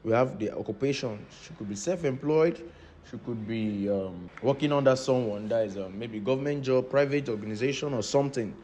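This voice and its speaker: A man's voice: medium pitch, brisk, mellow, a little hiss or hum. A man teaching a business training class, repeating key points and often asking his students if they understand. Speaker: instructor. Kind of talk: lecture-style class.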